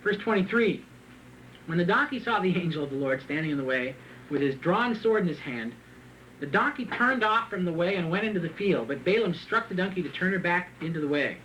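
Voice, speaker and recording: A man preaching a sermon, reading scripture and then retelling it in a joking, animated way with frequent laughs. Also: high-pitched, a little fast, a little hiss or hum, poor audio. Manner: animated, joking, laughs often at his own asides; reads scripture aloud and then retells it in plain talk. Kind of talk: sermon with Bible reading and commentary.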